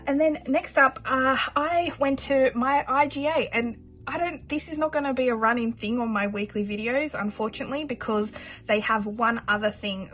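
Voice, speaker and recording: A woman chatting casually to camera in a vlog, rambling a little and pausing often with fillers and second thoughts. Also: mid-range voice, a bit bright, rough recording. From Australia. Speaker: budgeting vlogger.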